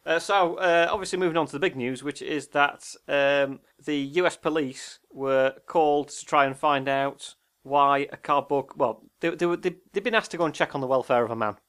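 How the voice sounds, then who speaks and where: A man's voice: a little high, normal speed, hardly any pauses, a bit bright, smooth. Rambling man co-hosting a chat show. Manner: rambling, hesitant, looks things up as he talks. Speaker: co-host. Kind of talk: casual chat.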